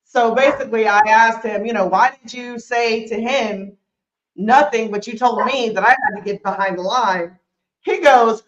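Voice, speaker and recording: A fairly high-voiced woman tells a story in an animated, casual way, with some casual swearing. Her voice sounds roomy and a little muffled. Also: normal speed. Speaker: host.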